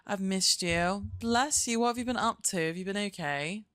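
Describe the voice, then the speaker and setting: A woman's voice: mid-range voice, moderate pace, fairly bright tone, no echo, clean studio sound, soft background music. A young woman, chatting casually and expressively on a live stream, swearing and laughing often. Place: at her desk at home.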